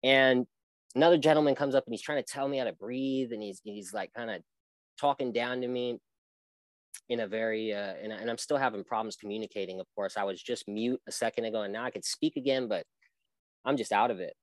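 In a rough, dry recording, a young man with a medium-pitched voice talks briskly. He is a guest on an interview show, recounting a personal experience earnestly and loosely, with many restarts.

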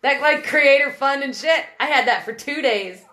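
A woman's voice: high-pitched, normal speed, pushed and bright, roomy sound. A woman from Western Pennsylvania hosting a podcast stream, chatting casually, laughing often and greeting viewers by name. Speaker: podcast host. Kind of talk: casual live-stream chat reading comments.

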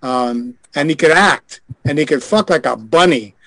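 A man's voice: a little high, expressive, moderate pace, a bit bright, no echo, low-quality recording. An older man, a guest on a group call, telling a frank show-business story with wry chuckles. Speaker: guest, former adult film director. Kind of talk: anecdote in a group video call.

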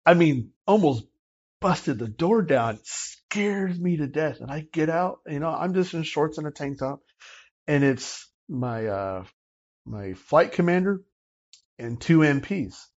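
Animated man telling a story. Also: a little high, unhurried, muffled recording. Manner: animated, acts out dialogue from the story. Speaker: interview guest telling his story. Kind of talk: casual personal storytelling.

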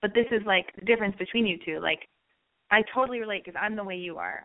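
A woman hosting a radio advice segment, talking in a blunt, animated way and swearing as she gives a caller a pep talk. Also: mid-range voice, quick pace. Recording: phone-like narrow band.

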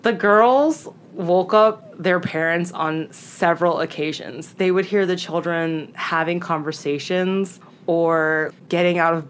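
A chatty woman with a slightly low voice tells ghost stories in casual podcast talk, peppering everything with "like" and slipping into the voices of the people she quotes. A faint hiss of noise sits under her voice. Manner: chatty, lots of "like", acts out quoted lines. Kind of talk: casual storytelling chat.

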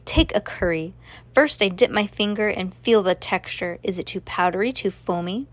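A woman voicing a gentle, soft-spoken blind male chef in a read-aloud story, slow and measured. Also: mid-range voice, no room sound, natural voice. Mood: instructive.

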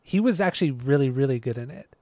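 A man's voice: mid-range voice, expressive, fast, a little mellow, dry recording, studio quality. A man hosting a podcast, chatting casually with a rambling, hesitant way of talking. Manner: rambling, hesitant, full of restarts. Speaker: podcast host. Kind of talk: casual chat.

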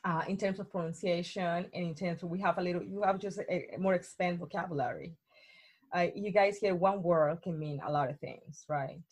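A woman's voice: lowish voice, fairly quick, breathy edge. Outgoing Colombian woman telling stories. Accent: Colombian Spanish. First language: Spanish. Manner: outgoing, animated storyteller who laughs often. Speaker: guest. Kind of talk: casual conversation.

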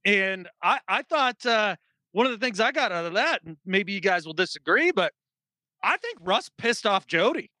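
Man, high bright voice, dry close sound, casual sports chat, animated. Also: normal speed, no room sound. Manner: animated, acts out quotes in mock voices. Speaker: sports podcast host.

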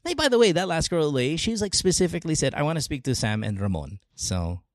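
A man's voice: on the high side, sing-song, quick pace, no room sound, studio quality. A man co-hosting a call-in podcast, blunt and teasing, stumbling over words as he presses a caller. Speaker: podcast co-host taking calls. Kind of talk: casual call-in advice chat.

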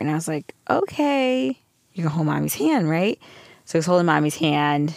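Young mom chatting on a podcast, low gravelly voice, dry close sound, acts out her kid's lines. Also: moderate pace, no echo. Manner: animated storytelling, acting out a toddler's lines. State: pregnant. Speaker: podcast co-host. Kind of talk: casual chat.

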